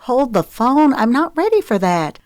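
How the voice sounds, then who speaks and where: A woman reading the part of a defensive, sharp-tongued divorced mother in an audiobook, in a dry recording. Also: on the high side, very animated, moderate pace, dry recording, pitched above the performer's own voice.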